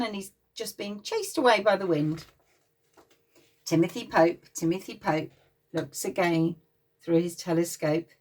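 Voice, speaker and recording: A woman's voice: medium pitch, far from the mic. An English woman reads a picture book to little children, her voice rising and falling a great deal as she tells the story. She keeps breaking off to talk with her listeners. She sits a little back from the microphone. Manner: lively, expressive, pauses to talk to the children. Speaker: playgroup leader reading to children. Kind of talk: read-aloud storytime for young children.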